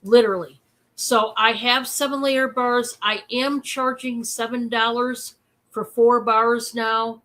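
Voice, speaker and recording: A woman hosting a casual live-stream sale, chatty and excitable, with many fillers. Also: fairly high pitch, takes it slowly.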